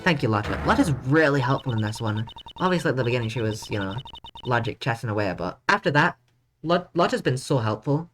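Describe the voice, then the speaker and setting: Low-voiced woman streamer swearing and joking over game music, voice jumping around. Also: lively intonation, fairly quick. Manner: crude, blunt, joking. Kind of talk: casual live-stream commentary.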